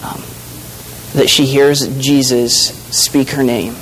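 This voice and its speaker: Halting, earnest male preacher. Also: medium pitch, level tone, a bit bright, slight background noise, rough recording. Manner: earnest, halting, with frequent restarts and fillers. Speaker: pastor. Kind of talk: sermon.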